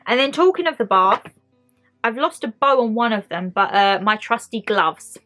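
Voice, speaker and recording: Woman vlogger, young, chatty and upbeat, slightly high voice, faint music under her. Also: lively intonation, normal speed, pushed and bright. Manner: chatty and enthusiastic, talks straight to viewers. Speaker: beauty and lifestyle vlogger. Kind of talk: casual monthly favourites chat to camera.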